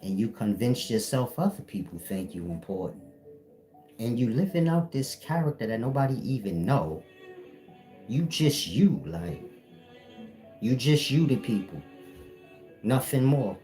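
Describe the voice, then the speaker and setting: Dude preaching straight at his viewers, lowish firm voice, scolding and blunt, bit of music faint behind. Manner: blunt, lecturing, scolding the audience; firm, defined voice with no airy softness. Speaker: self-styled spiritual teacher. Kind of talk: preachy solo monologue to viewers.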